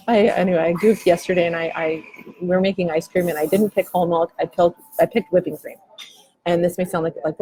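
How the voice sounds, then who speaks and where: A woman in her forties hosts a podcast from a coffee shop, speaking candidly and reflectively, musing loosely and swearing casually. Her voice is mellow and fairly low, and the recording quality is poor.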